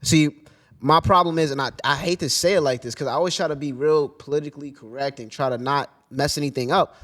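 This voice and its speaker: A man co-hosting a casual discussion, talking in a halting way with frequent restarts and hedges. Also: on the high side, a bit bright. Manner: halting, restarts often, hedging.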